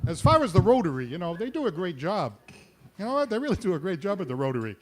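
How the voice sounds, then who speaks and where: Male comic host, fairly high voice, rapid pun-heavy banter, restaurant gig. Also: very animated, a loud crowd. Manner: punning, self-mocking, quick asides. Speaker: comedy show host. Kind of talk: stand-up jokes and banter.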